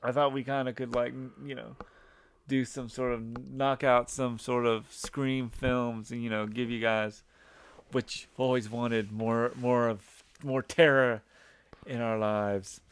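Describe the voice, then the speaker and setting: A man's voice: mid-range voice, level tone, unhurried, smooth. A man in his thirties hosting a podcast in casual chat, rambling along with many restarts. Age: 30s. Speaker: podcast host.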